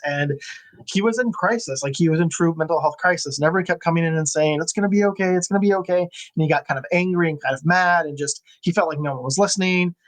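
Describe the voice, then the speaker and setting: A man with a somewhat higher voice talks in a relaxed, unscripted way. He is a nurse sharing blunt advice with colleagues, speaks earnestly from experience, and drops the occasional curse word for emphasis. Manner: candid and blunt, swears for emphasis. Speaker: nurse and podcast host. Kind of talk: casual advice talk to healthcare workers.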